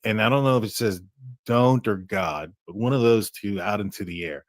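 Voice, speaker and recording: A man with a fairly low voice hosts a true crime stream, picking his way through the details with plenty of "um"s and restarts. The sound is dry and close to the mic. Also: dry recording. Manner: halting, many fillers and restarts. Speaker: true crime livestream host. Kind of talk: casual commentary on a case.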